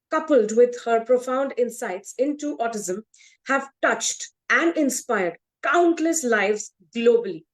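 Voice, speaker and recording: A woman host delivers a formal, ceremonious introduction. Her voice sits a little high, and she stumbles slightly here and there. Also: low-quality recording. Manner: formal, ceremonious, with small hesitations.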